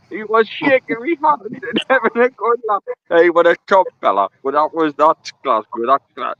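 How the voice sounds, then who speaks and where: A man calling in on a video call, telling a lively anecdote and laughing through it. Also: sits high, measured pace, no room sound. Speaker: caller. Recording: muffled remote call audio.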